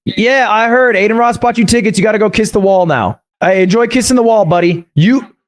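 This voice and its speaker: A man's voice: sits high, fairly quick. A male streamer talking in an exasperated, mocking, profane way.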